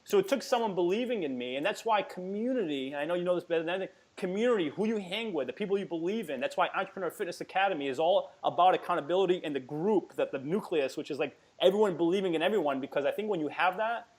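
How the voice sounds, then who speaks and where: A man in his forties telling a story as a podcast guest in an energetic, emphatic way, often repeating words. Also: sits high, fast talker, few pauses. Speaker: podcast guest, fitness entrepreneur. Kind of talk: casual storytelling interview.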